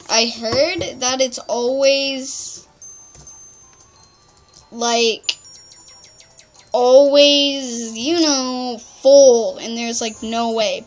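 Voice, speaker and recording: A young woman giving chatty, rambling let's-play commentary, full of "like". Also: fairly high pitch. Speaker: gamer.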